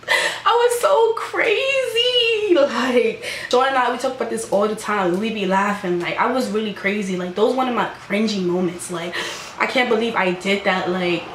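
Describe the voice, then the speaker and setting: A young woman at a mid pitch chats through a storytime vlog, peppering every line with "like" and laughing at herself. She acts out the voices of the people in her story. Her voice rings in an echoey room over a faint hum of background noise. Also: a little fast. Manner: chatty, fillers of "like", laughs at herself, acts out the quoted lines. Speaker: vlogger telling a personal story. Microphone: camera microphone.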